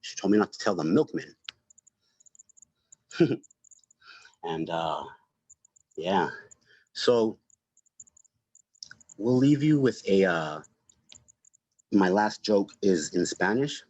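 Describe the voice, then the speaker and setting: Man with a low voice doing an open-mic stand-up set from home, loose and rambling, dry lo-fi stream audio. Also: lively intonation, slow, pauses often, a little mellow, dry recording. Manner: rambling, many fillers and self-interrupting laughs. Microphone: home livestream mic.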